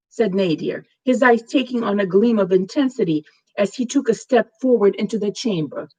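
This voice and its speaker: A woman author reading her own fantasy tale aloud in a slow, measured way. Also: medium pitch, expressive, darkish tone, rough recording. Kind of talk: storybook narration.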